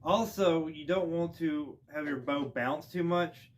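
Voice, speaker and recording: A man giving a casual instrument lesson outdoors, relaxed and rambling with plenty of ums and restarts. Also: a little high, unhurried, faint music behind. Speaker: music teacher. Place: outdoors with wind. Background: bowed string instrument playing.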